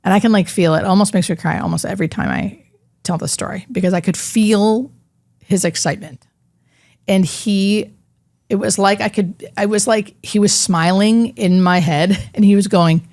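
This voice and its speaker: A middle-aged woman, a hospice nurse, telling a personal story in an interview, halting and emotional, with many fillers. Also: medium pitch, vocal fry, darkish tone, no room sound, studio quality.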